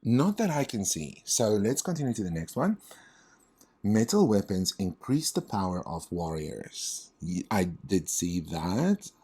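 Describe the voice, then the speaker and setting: A man working through reading test questions aloud as a tutor, thinking out loud and correcting himself as he goes. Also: fairly low pitch, very animated, a little slow, slightly rough.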